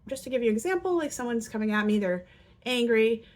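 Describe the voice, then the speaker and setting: Speaking fast in a fairly high register, this parenting educator gives parents sincere guidance on kids' behavior. She brings example quotes to life with animated voices as she teaches.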